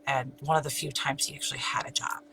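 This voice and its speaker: In a low-quality recording with a persistent hum, a middle-aged woman talks fast in a rumbling low voice. The channel host, an abuse survivor, tells her personal story emphatically, repeating herself and occasionally whispering.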